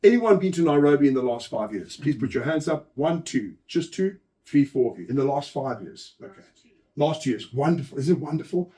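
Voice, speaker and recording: A man giving a lively conference talk, telling anecdotes, acting out quoted lines and chatting with the audience. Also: on the high side, fairly quick. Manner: animated storyteller, acts out quotes, chats with audience. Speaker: host and speaker.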